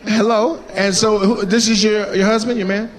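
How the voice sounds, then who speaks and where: Recorded at a live comedy show with crowd noise, a male stand-up comedian does brash, profane crowd work, teasing audience members. His voice sits high, with a level tone and a moderate pace.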